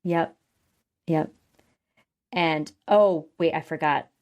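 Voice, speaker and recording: A woman's voice: sits low, slow pace. A young adult woman co-hosting a podcast, chatting casually and recapping scenes, often acting out what characters say. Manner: quotes characters in lively voices, chatty, laughs often. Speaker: podcast co-host.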